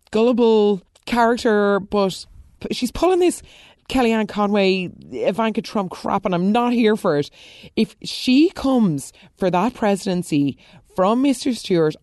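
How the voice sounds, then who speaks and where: A woman giving a casual, opinionated soap recap, now and then jumping up in excited bursts. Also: dry recording, clean studio sound. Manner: chatty, opinionated, exclaiming in high bursts. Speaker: soap opera recap host.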